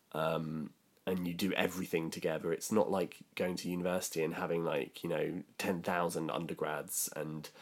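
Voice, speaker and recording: A young British man telling a story in casual podcast chat, with lots of ums and likes. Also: deep voice. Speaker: podcast co-host.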